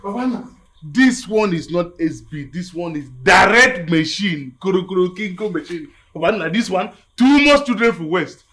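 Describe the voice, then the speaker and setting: A high-voiced, excitable Nigerian son. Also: male voice, normal speed, slight background noise. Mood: boastful. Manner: wheedling, excitable. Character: pushy young Nigerian son, boastful.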